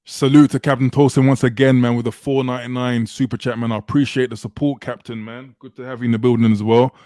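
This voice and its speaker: A man's voice: mid-range voice, level tone, fast, dark tone, no echo. A man hosting a casual livestream, chatty, hyping up viewers and reading out their messages. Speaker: livestream host. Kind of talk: casual livestream chat, reading super chats.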